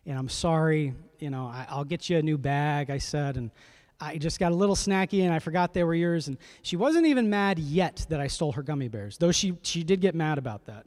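A man's voice: a little high, expressive, brisk, few pauses, darkish tone. Man telling a story in a sermon. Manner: conversational, checks in with listeners. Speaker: pastor.

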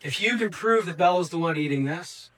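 A man's voice: high voice, lively intonation, fairly quick, fairly bright tone, rough recording. A man voicing an incredulous, demanding ancient king while retelling a story, exclaiming in a raised voice. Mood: decisive.

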